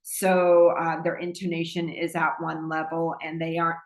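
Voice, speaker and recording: A woman's voice: low voice, monotone, moderate pace. A woman, a speech pathologist, giving a recorded presentation in an explanatory teaching manner with light laughs. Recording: echoey room.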